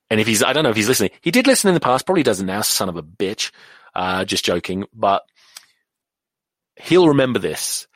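An English man in his thirties rants on his podcast with a pitch that swings up and down all the time. He swears freely and keeps drifting into side stories. His voice sounds close and dry, with no room echo. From England. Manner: animated, sweary, rambling off on tangents. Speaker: podcast host. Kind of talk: casual rugby rant.

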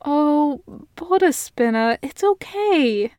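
A woman reading an audiobook voices a bold, cheerful young village woman who teases and insists in a raised, bright voice. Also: high-pitched, lively intonation, slow, no echo, studio quality, pitched above the performer's own voice. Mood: soothing teasing. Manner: teasing, laughing, insistent.

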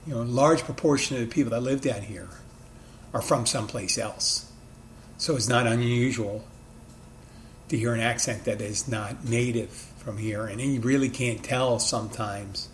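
A man's voice: medium pitch, a little hiss or hum. A man with a mid-Atlantic American accent touched by Philadelphia, talking casually and thinking aloud with frequent restarts. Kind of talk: casual monologue.

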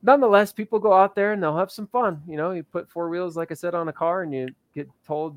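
A man co-hosts a casual racing recap, his voice sitting a little high. He talks loosely and laughs easily. The sound is dry and close. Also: fast talker, hardly any pauses, no room sound. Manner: chatty, loose, laughs often. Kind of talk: casual chat.

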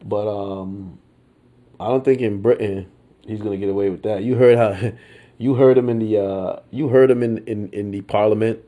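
Speaking in a low, steady, dark-toned voice, an American man shares his views on his podcast. The delivery is unhurried and meandering, full of restarts, filler words, and easygoing slang.

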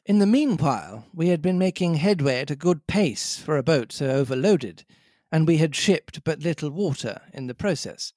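Man reading a story aloud, a bit high voice, dry close mic. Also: expressive, moderate pace, darkish tone, dry recording. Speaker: story reader.

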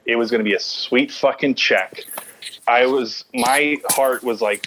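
A man of middle pitch telling a story among friends. He stumbles and restarts his phrases often and peppers them with curses. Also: noisy background. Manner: halting, stammering restarts, heavy swearing. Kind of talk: casual storytelling.

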